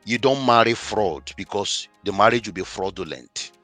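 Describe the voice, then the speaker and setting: A man speaking as a marriage coach in a podcast interview, with a bright, forceful voice that hammers home his points by repeating phrases. He tells his client stories in an emphatic, instructive way. Faint music plays behind him. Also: on the low side, expressive, moderate pace, dry recording.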